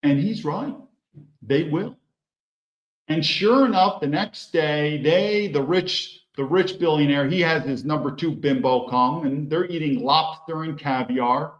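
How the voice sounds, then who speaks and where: A man's voice: a little high, measured pace. A man from the United States hosting a podcast, telling a story in an opinionated, digressive way. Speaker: podcast host. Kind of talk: rambling commentary with storytelling. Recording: echoey, dull room sound.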